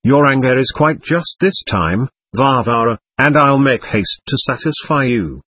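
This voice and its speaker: A shabby, bitter captain mocks himself in long ironic ramblings, as a man reads him. The voice is husky and lively in pitch, recorded dry and close. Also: a little slow, no room sound. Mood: bitter irony. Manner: ironic, self-abasing rambling. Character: shabby, bitter, clowning middle-aged captain.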